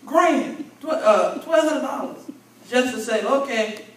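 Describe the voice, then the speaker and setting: A man's voice: extremely high pitch, animated, unhurried. A man, a bishop, teaching in a conversational sermon with folksy, vernacular speech and call-and-response with the congregation, recorded from far off in an echoing hall. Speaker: bishop, preacher. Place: large church convention hall. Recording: echoey hall from far off, faint room noise.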